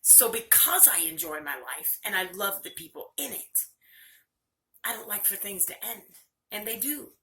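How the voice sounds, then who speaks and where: An older woman speaks straight to her viewers in a personal video, candid and earnest. Her voice is bright, and the talk feels close and confessional. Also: mid-range voice, expressive, normal speed. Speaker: vlogger.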